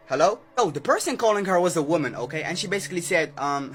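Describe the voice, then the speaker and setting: High-voiced man telling a spooky story. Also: lively intonation, rapid-fire, few pauses, fairly bright tone, faint music behind. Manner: chatty, keeps adding "okay?" and "right?", acts out quotes. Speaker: storyteller host. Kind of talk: casual storytelling narration.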